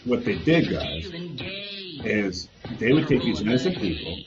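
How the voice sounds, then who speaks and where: A man's voice: lowish voice, very animated, unhurried. Rambling man telling a story. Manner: rambling, recounts from memory with hedges. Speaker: host. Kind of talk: casual storytelling monologue. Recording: dull lo-fi audio with music behind.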